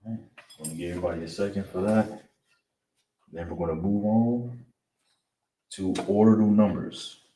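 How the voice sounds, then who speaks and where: Deep-voiced man teaching, distant noisy mic. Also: normal speed, pauses often, mellow. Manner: repeats words, frequent "all right?". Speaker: language teacher. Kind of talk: online class lesson.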